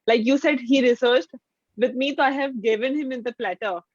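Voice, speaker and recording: A woman's voice: sits high, brisk, no room sound. A woman hosting a casual interview, agreeing with her guest and often saying "you know.". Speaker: host. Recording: dry, slightly dull call audio.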